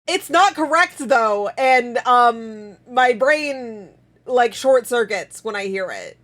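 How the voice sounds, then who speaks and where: An American woman chats with her stream viewers at an unhurried pace. Her voice sits a little high, and her sentences wander and restart, broken up by laughter. She is getting over a week of illness. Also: expressive, fairly bright tone. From United States. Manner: rambling, halting, laughs a lot. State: recovering from a week-long illness. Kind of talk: casual chat with chat.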